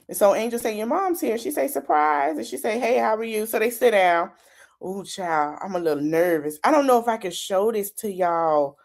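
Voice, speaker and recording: A woman's voice: mid-range voice, darkish tone. A woman hosting a podcast, giving a chatty, dramatic recap of a reality show and talking straight to her listeners. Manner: chatty, dramatic reactions, talks to viewers directly. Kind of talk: casual recap commentary.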